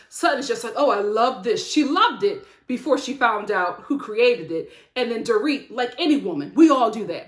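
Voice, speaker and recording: A woman reviewing a reality show episode in a sassy, animated chat, throwing in mock quotes and quick asides. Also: high voice, roomy sound. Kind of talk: casual reality show recap. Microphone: studio-lit webcam setup.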